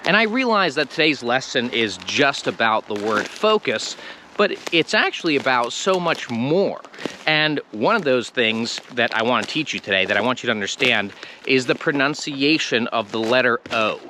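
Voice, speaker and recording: An American man teaching English pronunciation to camera, explaining slowly and stretching out the sounds he demonstrates. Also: medium pitch, animated, bright, forceful tone, a little hiss or hum. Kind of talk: online language lesson.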